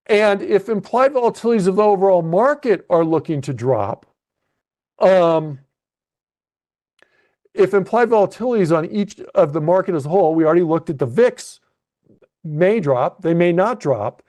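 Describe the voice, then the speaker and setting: High-voiced man coaching options trades. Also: lively intonation, moderate pace, darkish tone. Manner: explanatory, thinks aloud with restarts and checks like "okay?". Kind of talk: live webcast lesson walking through trades on screen. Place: at a computer narrating a screen share.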